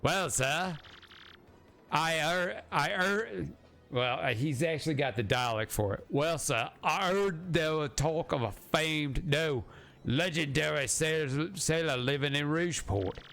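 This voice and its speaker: Man doing a keen sailor guy, a bit higher, fumbly and eager, game read-aloud. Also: takes it slowly, vocal fry, pushed and bright, soft background music, exaggerated voice. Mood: hesitant. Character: eager male crewman addressing his boss.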